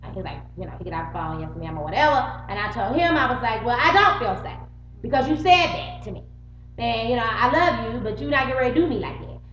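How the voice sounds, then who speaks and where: A middle-aged woman with a fairly high voice recounts a fight in a loose, animated vlog style. She curses without hesitation and jumps between her own lines and everyone else's. The recording is roomy and slightly muffled, with a faint hum under it. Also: quick pace, faint music behind. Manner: animated, swears freely, acts out both sides of arguments. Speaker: vlogger. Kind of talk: casual storytelling to camera.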